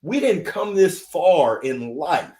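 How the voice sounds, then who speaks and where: Man in his 40s, upbeat motivational host, hype delivery, a bit high-pitched, roomy echo. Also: slow pace. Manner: energetic, hype, lively call-outs. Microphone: livestream setup.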